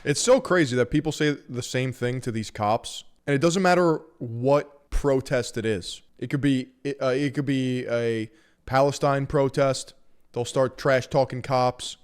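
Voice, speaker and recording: A man streams his reaction to protest footage in loose, casual talk. His voice sits at an ordinary middle pitch. He stays wry and mocking and laughs at what he sees. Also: measured pace, smooth.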